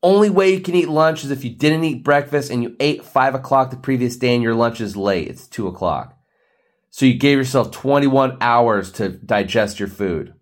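Guy around 40 ranting on his podcast, blunt and preachy, cracks jokes, middle pitch. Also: normal speed. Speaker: podcast host. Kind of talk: ranting monologue.

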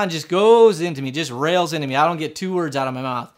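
A man tells a personal story in a loose, casual way, with a slightly high-pitched voice. His speech rambles and is full of fillers and restarts. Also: brisk, hardly any pauses. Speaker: motorcycle rider telling a personal story.

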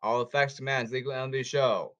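A man ranting about baseball and social media in repetitive, halting bursts. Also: medium pitch, steady tone, a bit bright, highs cut off. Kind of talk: rambling ranting commentary.

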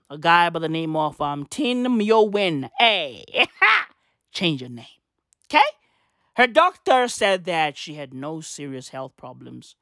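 A woman from South Africa doing a profane comedic rant, swearing constantly, full of slang and tangents, with sudden loud outbursts. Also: low-pitched, dry recording, studio quality. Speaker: comedic monologue host.

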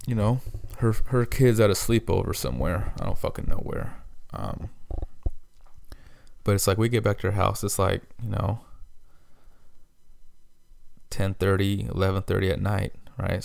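A man's voice: sits low, fairly even intonation, normal speed, vocal fry, long pauses, a little mellow, dry recording. A man telling a rambling, heavily profane story in a casual podcast monologue, irritated and blunt. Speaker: podcast host.

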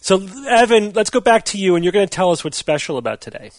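A man's voice: high voice, very animated, fast, no echo. Easygoing middle-aged man hosting. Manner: easygoing, laughs often while hosting. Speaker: podcast host. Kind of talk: hosting a podcast panel.

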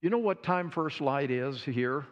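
A man preaching a sermon, retelling a story dramatically with repeated phrases and pauses. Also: fairly high pitch, lively intonation. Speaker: pastor. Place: church sanctuary. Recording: dull sound with long hall reverb.

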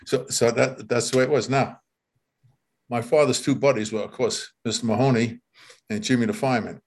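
An older man telling neighborhood stories in a relaxed, rambling way at an ordinary pitch, repeating words as he goes. He chuckles often and keeps checking in with his listener. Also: normal speed, long pauses. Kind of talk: casual reminiscing.

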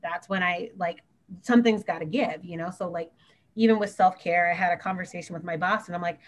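A woman's voice: fairly low pitch, steady tone, fairly quick. A woman who works as a teacher, chatting earnestly on a podcast and talking in long run-on stretches. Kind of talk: casual podcast chat.

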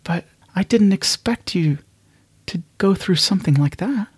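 A man's voice: high-pitched, lively intonation, a little slow, husky, no echo, pitched above the performer's own voice, exaggerated voice. An earnest spacefaring woman with a raised, stammering voice, put on by a man narrating a solo tabletop game. She repeats her words as she speaks, and the sound is dry and close. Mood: astonished.

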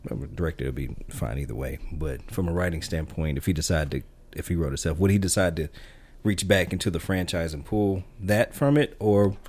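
A man's voice: low-pitched, fairly quick, darkish tone, husky. A man co-hosting a filmmaking podcast, chatting casually and rambling with many restarts and fillers. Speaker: podcast co-host. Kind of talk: casual film chat.

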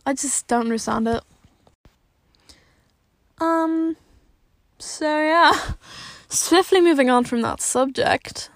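A young woman vlogger rants casually to camera from her parked car, blunt and exasperated, swearing a lot and filling every pause with "like." Her voice sits on the high side and sounds gravelly, and the recording is dry.

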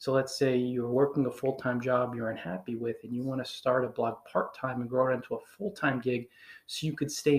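A man from northern New Jersey with a northern New Jersey accent, a blogger talking casually to his listeners and firing off emphatic rhetorical questions. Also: mid-range voice. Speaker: blogger giving advice. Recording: echoey room.

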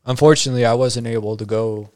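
A young man from Arizona tells a story in easygoing chat. He slips into quoted voices and laughs along with his own tale. His pitch sits in the ordinary middle range. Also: fast. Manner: animated anecdote with quoted voices and frequent laughs. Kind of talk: casual chat.

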